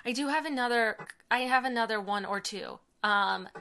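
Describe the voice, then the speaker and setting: Woman, 30s, podcast co-host, high bright voice, chatty and enthusiastic. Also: moderate pace. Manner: chatty, enthusiastic, many fillers. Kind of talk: casual chat.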